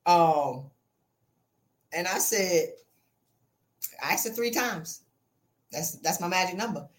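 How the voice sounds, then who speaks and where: A woman hosting a motivational podcast, talking blunt and colloquial, calling her listeners "sis" and swinging her voice high and low for emphasis. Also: slow, long pauses. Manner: animated, sassy and blunt, with wide swings in pitch and loudness. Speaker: podcast host and life coach. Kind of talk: motivational monologue.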